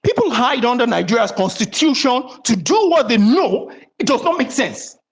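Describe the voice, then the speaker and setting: A woman's voice: on the high side, big pitch swings, normal speed. A woman pressing her point insistently with rhetorical questions in a live discussion. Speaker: participant in an online audio discussion.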